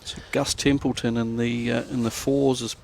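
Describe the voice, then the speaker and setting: A man's voice: medium pitch, little pitch movement, normal speed, gravelly, a little mellow, a little hiss or hum. A man from New Zealand with a New Zealand accent, co-commentating lawn bowls in an easygoing way with short replies. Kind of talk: live sports commentary.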